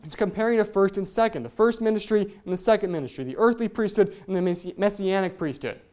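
A Bible teacher walks listeners through scripture in an explanatory study message, stopping often to ask rhetorical questions. Passages are read aloud in old King James wording. The voice sits at an ordinary middle pitch. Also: quick pace, a little mellow.

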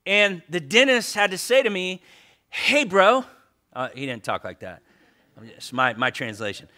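A man's voice: mid-range voice, normal speed, bright, forceful tone. A male pastor preaching a sermon in a conversational way, repeating phrases for emphasis.

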